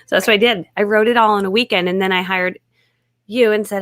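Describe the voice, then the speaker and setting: A woman's voice: mid-range voice, steady tone, quick pace, a bit bright, dry recording, clean studio sound. A woman hosting a casual live chat, talking enthusiastically about writing her book and laughing often. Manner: enthusiastic, giggly. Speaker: host.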